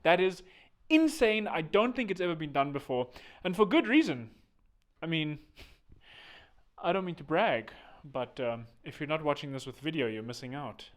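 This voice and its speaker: A man hosting a solo podcast, joking and rambling with self-mocking asides and sudden loud bursts. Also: on the high side, expressive, moderate pace. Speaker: podcast host. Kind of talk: jokey solo podcast monologue. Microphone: studio microphone.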